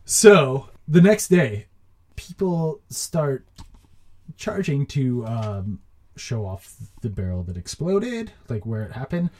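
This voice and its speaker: A man's voice: mid-range voice, big pitch swings, slow, a little mellow. A man co-hosting a casual podcast, telling a story with lots of fillers and laughing mid-sentence. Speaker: podcast co-host.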